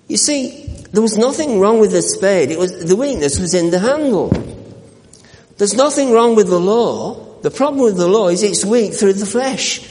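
Male pastor, earnest sermon, slightly high voice, long church-hall reverb. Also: sing-song, a little mellow. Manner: earnest preaching with repeated words and restarts, slowing for scripture.

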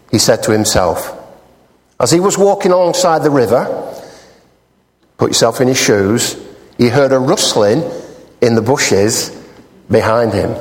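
A man's voice: mid-range voice, normal speed, long pauses. A man preaching a sermon in a church hall, telling a joke and teasing the congregation playfully. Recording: long hall reverb.

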